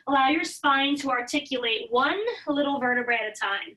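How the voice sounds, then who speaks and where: A woman yoga instructor calmly cueing poses and breaths in an encouraging way, recorded in her home basement. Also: high voice, normal speed, few pauses, far from the mic, low-quality recording. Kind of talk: guided yoga class instruction.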